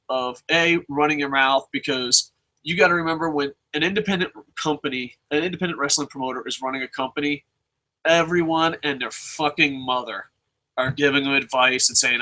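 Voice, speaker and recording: A man's voice: mid-range voice, pushed and bright, low-quality recording. A young man giving blunt, profane advice in a rambling casual monologue, full of restarts and swearing. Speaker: vlogger answering viewer questions.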